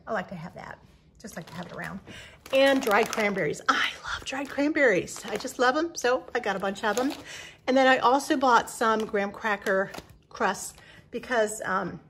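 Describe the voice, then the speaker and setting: Woman in her 60s, husky, slightly high voice, chatty grocery haul host. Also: fairly bright tone. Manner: chatty, homey, rambling with fillers. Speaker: channel host. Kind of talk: casual grocery haul vlog. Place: farmhouse kitchen.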